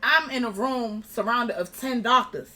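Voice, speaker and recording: A young woman, an interview guest, telling a personal story in casual conversation, animated and acting out the dialogue. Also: a little high, a little slow, slight background noise. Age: young adult.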